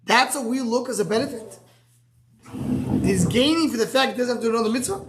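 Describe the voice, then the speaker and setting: A man's voice: very high voice, quick pace, heavy background noise. Style man teaching a Talmud class. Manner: thinks aloud with many restarts, fields student questions.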